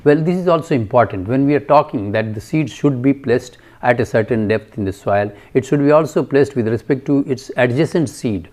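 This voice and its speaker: A man giving a recorded lecture, halting with many fillers and asking and answering his own questions. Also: medium pitch, a little mellow.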